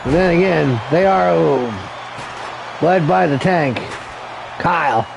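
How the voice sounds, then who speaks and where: A man's voice: fairly high pitch, slow, creaky, background noise. A man calling an amateur wrestling show as commentator, crude and joking, rambling and calling people brother. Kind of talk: profane play-by-play commentary.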